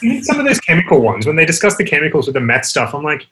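A man's voice: a little high, huge pitch swings, racing, fairly bright tone. An Australian man chatting casually on a call and laughing often. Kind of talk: casual chat.

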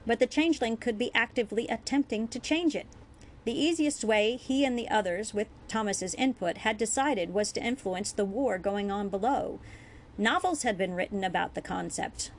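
A woman reading her own fan fiction chapter aloud in a measured, earnest storytelling voice. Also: on the high side, a little hiss or hum. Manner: measured, earnest storytelling with small self-corrections. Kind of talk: audiobook-style reading.

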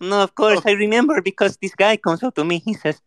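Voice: mid-range voice, a little fast, a bit bright. A guest doing a drowsy, drawling character voice on a live stream. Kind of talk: casual chat in a put-on character voice.

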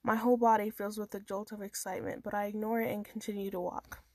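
A woman's voice: medium pitch, level tone, fast talker, darkish tone, no room sound. A woman reading her own first-person story aloud in a casual amateur manner, with small stumbles and restarts.

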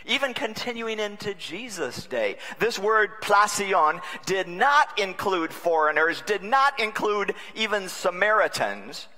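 A man preaching a sermon as a bishop, wry and humorous, swinging between loud and hushed delivery. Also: high-pitched. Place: large conference hall. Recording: long reverb of a large conference hall.

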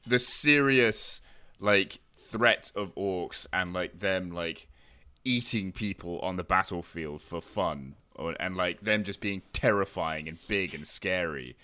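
A man's voice: low voice, takes it slowly, sharp tone. A man co-hosting a hobby podcast, chatting casually and emphatically. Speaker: podcast host. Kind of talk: casual chat.

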